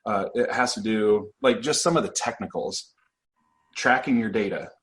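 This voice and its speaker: A man's voice: fairly low pitch, normal speed, a bit bright. A man from Iowa, a podcast host who rambles and hedges in casual chat. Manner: rambling, hedging, laughs easily.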